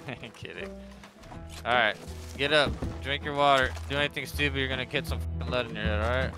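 A man in a game roleplay acting as a gruff captor who swears and makes threats. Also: medium pitch, a little fast, over music, rough recording.

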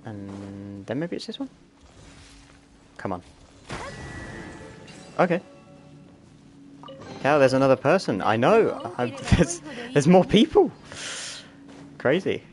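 A man talks through a video game at an unhurried pace, thinking out loud as he works through puzzles. His pitch swings widely and expressively, and he slips in jokes to himself. Faint game music plays underneath. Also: big pitch swings. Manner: puzzling aloud, joking to himself. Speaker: gaming streamer. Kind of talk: casual gameplay commentary.

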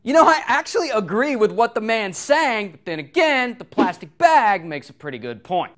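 A man's voice: high-pitched, sing-song, moderate pace, hardly any pauses. A man hosting a comedy show, giving sarcastic, crude commentary on viral videos to the camera. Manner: sarcastic, crude, punchline-driven.

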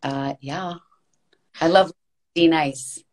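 A woman's voice: deep voice, slow, a little mellow. A woman guest in a casual interview, talking earnestly and emphatically, repeating words for stress and restarting her thoughts as she rambles. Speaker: podcast guest, voice actress and coach.

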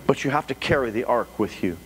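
A man preaching a sermon as pastor to a live congregation, talking in an animated way with frequent restarts. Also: mid-range voice, fast. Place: church sanctuary before a congregation. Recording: echoey church hall with faint hum.

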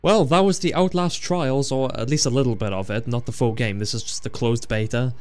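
A young man giving casual, joking commentary while playing a horror game, with jumpy, excitable reactions and frequent swearing. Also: medium pitch, a little fast, smooth. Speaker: gaming video creator. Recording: faint game music behind.

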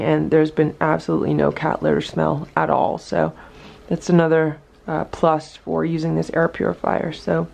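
Woman doing a chatty cat vlog at home, lowish voice, kinda gravelly. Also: darkish tone. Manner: chatty, talks to the cats in a high coaxing voice. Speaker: cat vlogger. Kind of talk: casual vlog narration. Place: indoor room with cats.

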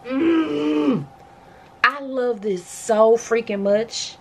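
A woman's voice: lowish voice, measured pace, slight background noise. A woman vlogging at home in casual chat to her viewers, exclaiming and slangy, a bit out of breath. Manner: chatty, exclaims, talks straight to viewers with slang. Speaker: lifestyle vlogger. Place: at home, bedroom.

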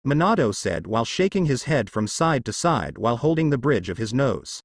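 Expressive male storybook narrator. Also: medium pitch, moderate pace, few pauses, no room sound, clean studio sound. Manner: expressive, lightly humorous reading. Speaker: fan fiction narrator.

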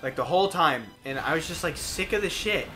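A man's voice: fairly high pitch, a little fast, music in the background. A man co-hosting a let's play, chatting casually and telling stories with lots of swearing. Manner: animated storytelling, heavy swearing. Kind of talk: casual gaming chat.

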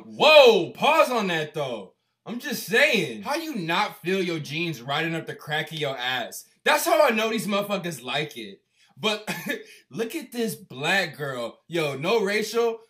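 A young man riffing on cartoons with loud, profane, mocking comedy and plenty of slang. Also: sits high. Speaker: YouTube commentator.

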